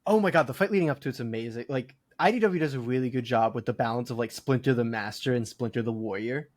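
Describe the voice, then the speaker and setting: A man's voice: medium pitch, fast. A man co-hosting a podcast in casual chat, enthusiastic and full of "like" fillers. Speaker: podcast co-host.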